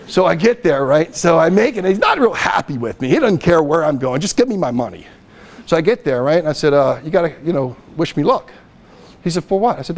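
A middle-aged man giving a poker lecture as a guest speaker, telling lively anecdotes and acting out the dialogue. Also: a little high. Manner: animated anecdotes, acts out dialogue. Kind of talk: storytelling lecture.

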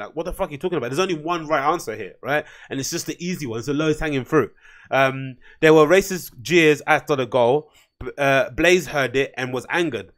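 A man's voice: on the high side, a bit bright. A man hosting his own podcast, ranting in a blunt, profane, rambling way, often getting heated. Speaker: podcast host. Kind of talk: casual solo rant.

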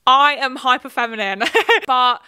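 A woman's voice: sits high, measured pace, sharp tone, smooth. A young woman presenting a commentary video essay in an opinionated, conversational and emphatic way.

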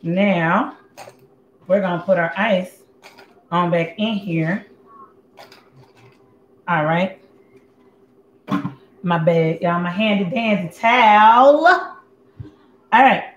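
A woman's voice: fairly low pitch, drawn-out words, long pauses, highs cut off. Sassy woman chatting in kitchen. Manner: blunt, sassy, chatty, talks to viewers. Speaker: cooking show host. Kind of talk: casual livestream cooking chat. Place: home kitchen. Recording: echoey room with faint background noise.

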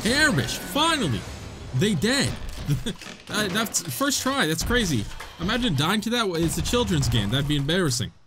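A young man giving comedic, excitable commentary while playing a video game, laughing often, with game music behind him. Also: sits high, moderate pace. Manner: joking, excitable, frequent laughter. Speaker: gaming YouTuber. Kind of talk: comedic let's-play commentary.

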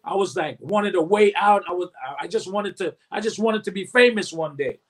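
Speaking at a moderate pace in a voice that sits high, this recording artist in his 50s shares his life story during an interview. He brings it to life by performing quotes from others and humming beats.

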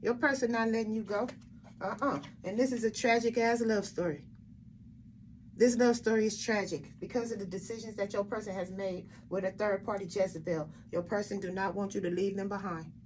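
A woman's voice: medium pitch, fairly even intonation, fairly quick, a little mellow, slight background noise. Blunt, profane woman tarot reader. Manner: talks straight to the viewer with repeated rhetorical questions. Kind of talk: tarot reading for viewers.

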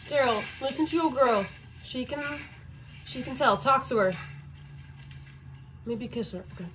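A young woman hosting a reaction video, excitable and swearing, pleading with the characters on screen as she comments live. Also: high-pitched, measured pace, pauses often, soft background music.

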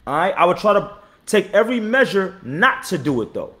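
A man in his thirties, a battle rapper hosting his own live stream. He talks blunt and profane, repeats himself and gives shout-outs to viewers, and says he is tired. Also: high voice, big pitch swings, a little fast. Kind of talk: casual live-stream talk.

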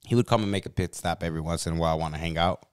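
A man's voice: deep voice, racing, clean tone, dry recording, clean studio sound. A man hosting a podcast, talking in a laid-back, rambling way with many fillers. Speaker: podcast host. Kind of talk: casual chat.

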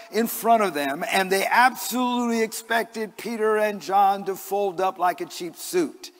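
A man's voice: high-pitched, long reverb tail. A male pastor preaching a sermon in an earnest, conversational way, mixing scripture with personal stories, recorded in a church. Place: church sanctuary.

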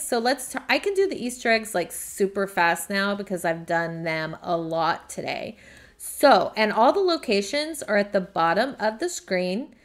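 A woman hosting a casual gameplay live stream, chatty and upbeat, greeting viewers by name and gushing over what she finds. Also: a little high.

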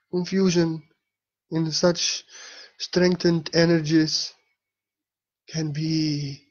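A man's voice: on the high side, muffled recording. A man giving an earnest spiritual talk in a vlog, repeating key phrases for emphasis. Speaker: spiritual teacher.

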